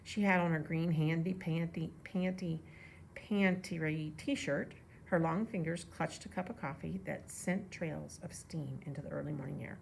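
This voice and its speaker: Woman reader, low gravelly voice, relaxed storybook reading with asides. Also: normal speed, slight background noise. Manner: relaxed, with casual asides to listeners. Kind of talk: reading a children's novel aloud.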